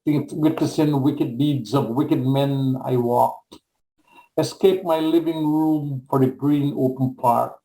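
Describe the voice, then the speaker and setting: An older man from the Caribbean reading his poems aloud on a video call, in a measured and deliberate way. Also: mid-range voice, mellow, reverberant, rough recording. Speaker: guest poet. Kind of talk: poetry reading.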